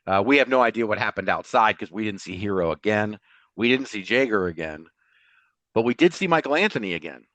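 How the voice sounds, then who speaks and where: A man co-hosting a podcast, recapping a show in a casual, animated storytelling way and laughing often. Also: on the low side, brisk, no echo. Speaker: podcast co-host.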